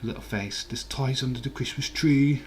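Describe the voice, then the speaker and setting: A man's voice: mid-range voice, normal speed, soft background music. A man in his forties hosts a live watch-along stream. He chats casually, reads viewer comments aloud and rambles with filler words.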